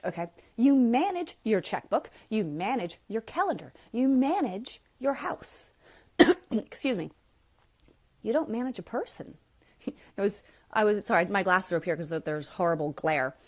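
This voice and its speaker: A middle-aged woman hosts a live parenting question-and-answer session and answers viewer comments as they come in. She talks bluntly and frankly and leans hard on her points. Her pitch swings sharply upward whenever she gets animated. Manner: animated, with sudden jumps up in pitch. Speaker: parenting coach host.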